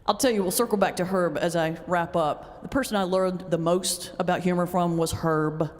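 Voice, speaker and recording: A woman pastor giving a humorous talk, telling stories in an animated way with sudden jumps in pitch. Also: moderate pace. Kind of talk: humorous lecture storytelling. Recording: long reverb of a large hall.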